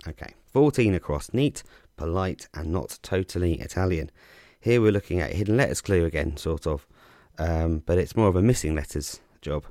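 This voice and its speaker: A man casually explaining crossword clues as a podcast host, relaxed and chatty with frequent ums and restarts. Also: low-pitched, normal speed, no room sound, studio quality.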